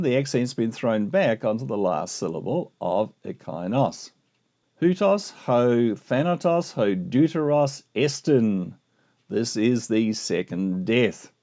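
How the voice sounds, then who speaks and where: Lively mellow-voiced male Greek teacher. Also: on the low side, gravelly, lo-fi sound. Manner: patient, explanatory, reads out Greek phrases slowly then translates. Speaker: Greek teacher and textbook author. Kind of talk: recorded lecture walking through slides.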